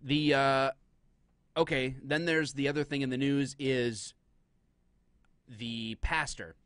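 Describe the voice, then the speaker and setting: A man co-hosting a live stream in loose, joking banter, now and then slipping into silly put-on voices. His voice sits at an ordinary middle pitch and comes through a close, dry mic with no room sound. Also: steady tone, slow pace, a bit bright, dry recording. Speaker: podcast co-host, police officer.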